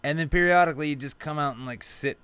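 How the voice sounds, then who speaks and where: A man's voice: a little high, quick pace, fairly bright tone, smooth, dry recording. Profane rambling New man. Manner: profane, rambling anecdotes with quoted dialogue. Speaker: podcast host. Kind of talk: casual storytelling chat.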